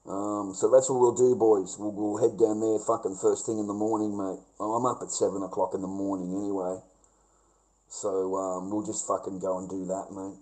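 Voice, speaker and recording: A man's voice: lowish voice, little pitch movement, normal speed, mellow, rough recording. An Australian man rambling through a livestream monologue, swearing constantly, repeating himself and calling listeners mate and bro.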